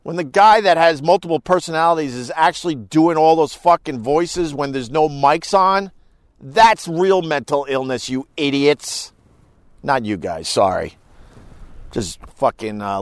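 Man, live-stream host, casual rambling chat, profane, fairly high voice, dry close sound. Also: a little slow, dry recording.

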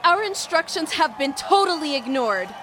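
A woman voicing a passionate, indignant female marmot activist in an audio story, speaking in a shrill, distraught way. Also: very animated, moderate pace, noisy background.

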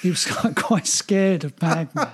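A man's voice: sits high, unhurried, breathy edge. A man, co-hosting a casual chat, talking in a chatty, laughing way full of restarts. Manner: chatty, laughing, many restarts and "you know". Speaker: podcast co-host.

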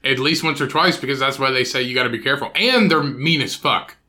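A man's voice: mid-range voice, fast, sharp tone. A man co-hosting a podcast in casual chat, blunt and profane. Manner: blunt, profane, matter-of-fact. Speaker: podcast co-host.

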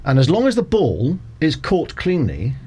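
A middle-aged man, a cricket umpire guest on a radio interview, explaining rules in a measured, methodical way with frequent ums and uhs. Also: fairly high pitch, huge pitch swings, dark tone, slightly rough.

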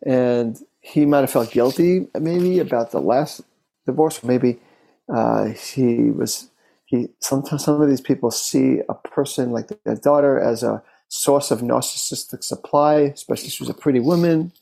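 A man who works as a therapist, recounting a case as an interview guest in an unhurried, thoughtful way, speaking in short phrases. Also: medium pitch, creaky, dark tone, rough recording. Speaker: therapist and relationship expert.

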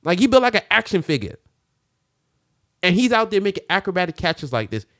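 A man co-hosting a casual sports chat, loud and animated, joking around and swearing freely. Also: high voice, a little fast, no room sound, clean studio sound. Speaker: sports podcast co-host.

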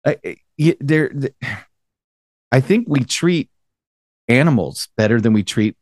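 A man in casual podcast banter, laying out his opinions by stacking repeated phrases. His voice sits at an ordinary pitch. The recording is dry and close. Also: animated, a little slow, a little mellow, no echo. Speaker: podcast co-host.

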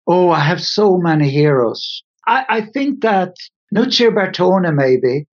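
Scandinavian-accented man, slightly high voice. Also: lively intonation, unhurried. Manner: thoughtful, hesitant, with restarts. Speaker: guest, car designer. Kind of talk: podcast interview answers. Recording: dull lo-fi audio.

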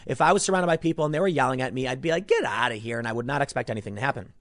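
Man from Chicago, solo commentator, emphatic and rambling, lively pitch, dry close sound. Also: rapid-fire, no room sound. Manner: emphatic, rambling, repeats words. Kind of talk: opinionated news commentary monologue.

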